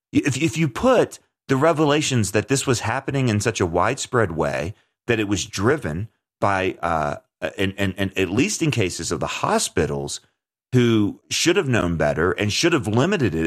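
Deep-voiced man in earnest commentary. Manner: earnest, emphatic, with frequent restarts. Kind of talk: conversational commentary.

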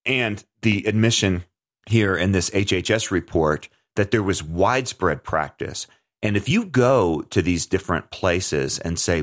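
A man's voice: low voice, lively intonation, unhurried. A man hosting a talk show, speaking earnestly and emphatically in conversational commentary, often restarting his sentences.

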